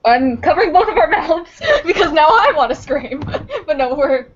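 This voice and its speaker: A woman's voice: sits high, sing-song, moderate pace, lo-fi sound. A woman playing in a tabletop game, joking playfully in character. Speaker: player.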